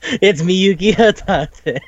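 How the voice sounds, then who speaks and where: A man's voice: sits high, takes it slowly. A man co-hosting a casual anime recap podcast, swearing often, laughing and acting out the characters' lines. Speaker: podcast co-host. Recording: dull lo-fi sound, dry room.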